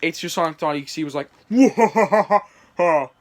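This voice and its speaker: A man's voice: a little high, level tone, rapid-fire, fairly bright tone. A man reading his homemade story aloud, with chatty asides and small stumbles. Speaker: channel creator.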